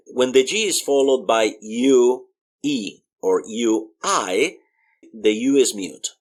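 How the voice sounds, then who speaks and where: Husky man teaching pronunciation. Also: medium pitch. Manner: models each sound slowly, repeating example words. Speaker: Spanish teacher. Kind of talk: video language lesson.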